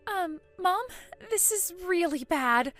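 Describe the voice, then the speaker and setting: Woman doing a chatty teen girl, high bouncy voice, gossipy. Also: animated, slow, fairly bright tone, faint music behind, exaggerated voice. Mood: excited. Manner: breathless, gossipy, eager. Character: teenage granddaughter, excited and chatty.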